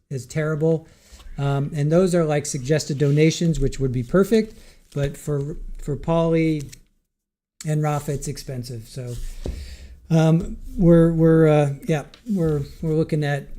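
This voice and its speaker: A man's voice: fairly high pitch, dark tone. A man hosting a live stream, chatting casually and rambling with restarts as he reads viewer comments aloud. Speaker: livestream host.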